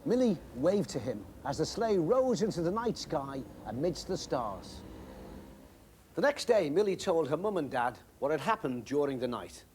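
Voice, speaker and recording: A man reading a children's Christmas story aloud, expressive and animated. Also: fairly high pitch, normal speed, a little hiss or hum.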